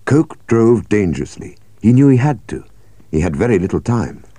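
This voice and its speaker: A man reads a story aloud in a measured, expressive way. His voice is very deep and mellow, and his pitch moves a lot. The recording is dry and close. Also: dry recording. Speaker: audiobook narrator. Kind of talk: scripted story narration.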